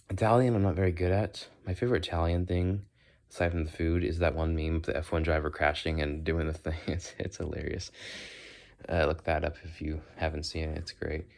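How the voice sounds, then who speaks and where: A man's voice: very deep voice, flat delivery, brisk, darkish tone. A young man rambling opinionated thoughts while walking outdoors, now and then playing with silly accents and sounds. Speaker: vlogger. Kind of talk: casual walking monologue.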